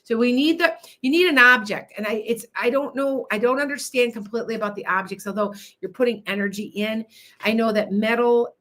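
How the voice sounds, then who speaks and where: A woman's voice: on the high side, fairly quick, a bit bright. An older woman hosting a live stream, chatting in a rambling, self-interrupting way. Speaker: livestream host. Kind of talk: casual live-stream chat.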